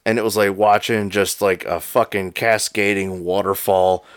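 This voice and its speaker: A man co-hosting a podcast, telling a story in casual, profane, animated chat. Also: lowish voice, moderate pace, clear, resonant tone, no room sound, clean studio sound. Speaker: podcast co-host.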